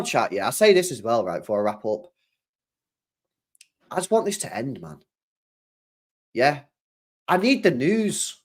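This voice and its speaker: Exasperated young football streamer. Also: male voice, high voice, lively intonation, unhurried, long pauses. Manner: exasperated, swearing, laughing, slangy. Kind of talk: casual stream chat.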